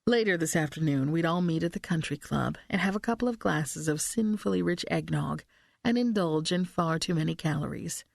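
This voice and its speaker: A woman narrating a mystery novel as an audiobook in the first person, reading in a steady, measured way on a close studio mic. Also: sits low, gravelly, dry recording.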